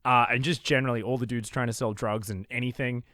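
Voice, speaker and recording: Fast-talking Australian man, animated storyteller. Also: mid-range voice, no echo, clean studio sound. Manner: animated storyteller, acts out street vendors. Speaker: esports caster, guest. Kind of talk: casual podcast chat.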